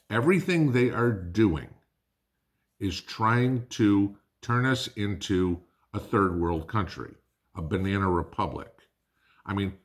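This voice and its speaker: A man hosting a prepping channel, delivering an angry, blunt political rant to his viewers, swearing and calling them guys. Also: on the low side.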